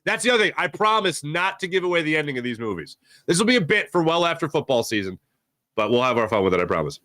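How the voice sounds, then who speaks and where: A man's voice: fairly high pitch, big pitch swings, fast talker, a bit bright, no room sound, clean studio sound. A man hosting a sports talk stream, rambling and joking as he reads out chat comments. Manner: rambling, jokey, reacts to chat names. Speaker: sports talk show host. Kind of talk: casual live-stream chat reading comments.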